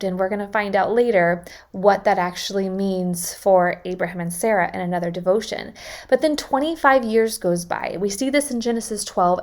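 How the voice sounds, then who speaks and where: A woman teaching a Bible devotional in an earnest, conversational way, sometimes using filler words. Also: mid-range voice. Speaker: devotional speaker.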